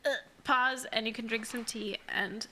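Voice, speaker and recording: Bright, bubbly young woman podcaster. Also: on the high side, steady tone, normal speed, a little hiss or hum. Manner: bubbly, laughs often, gushing. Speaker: podcast co-host. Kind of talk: casual chat.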